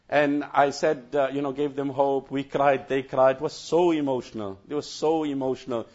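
Earnest male cleric, high-pitched voice, dull lo-fi sound, recounting an emotional scene. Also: normal speed, hardly any pauses, a little mellow. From South Africa. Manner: earnest, repeats phrases, breaks into chanted Quran recitation. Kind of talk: emotional first-hand recounting talk.

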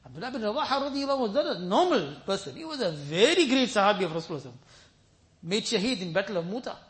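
A man's voice: sits high, rapid-fire. A man preaching a sermon, telling scripture stories with emphatic repetition and breaking into chanted Arabic verses. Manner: lively storytelling, mixes in chanted Arabic verses; emphatic, repeats phrases for stress.

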